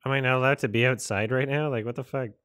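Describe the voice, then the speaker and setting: A man's voice: medium pitch, steady tone, fast, a bit bright, clear, resonant tone, dry recording, studio quality. A man casually commenting on a movie as he watches it, rambling, swearing and incredulous. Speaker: host reacting to a film.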